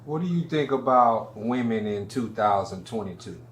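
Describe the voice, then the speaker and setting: A man hosting an interview, asking questions in a slow, deliberate way. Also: fairly low pitch, animated, a little hiss or hum. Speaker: interview host. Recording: echoey room with faint ambience.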